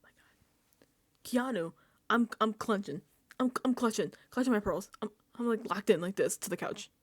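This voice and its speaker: Hosting a laid-back reality show recap on a desk microphone, a woman acts out her reactions and quotes with animation. She speaks at a normal pace in a mid-range voice, recorded dry.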